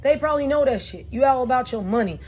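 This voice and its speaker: A woman's voice: high voice, lively intonation, fast talker, a little mellow, husky. Profane, blunt woman reading tarot. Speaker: tarot reader.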